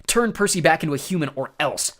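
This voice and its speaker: A man voicing a fierce, quick-witted teenage girl warrior who speaks sharply and defiantly. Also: a little high, expressive, a bit bright, voice pushed up. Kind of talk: storybook reading.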